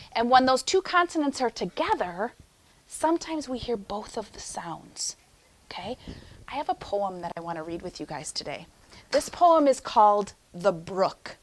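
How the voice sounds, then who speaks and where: A young adult woman teaching a phonics lesson to young children in an animated, sing-song teacher voice. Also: a little high, a little hiss or hum. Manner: animated, sing-song teacher voice, slows for chanted poem lines.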